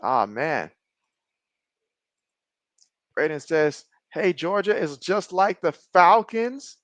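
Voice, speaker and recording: A man streaming a game, giving casual play-by-play, reading viewer chat and joking often, getting excitable on big plays. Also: fairly high pitch, slow pace, dry recording. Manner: jokey, excitable, often laughs. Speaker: live-stream sports commentator.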